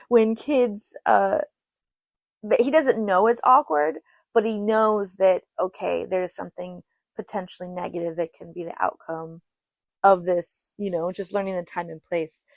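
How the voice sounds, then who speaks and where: A young adult woman hosting a podcast, chatting casually and laughing often as she tells stories and quotes others in quick asides. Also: mid-range voice, dry recording. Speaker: podcast host. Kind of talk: casual solo podcast storytelling.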